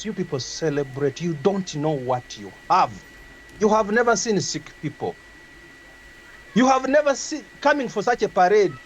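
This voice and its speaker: A man's voice: high voice, slight background noise, rough recording. A man talking as a guest in a casual discussion, rambling and stumbling as he searches for his words. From Uganda. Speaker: guest speaker.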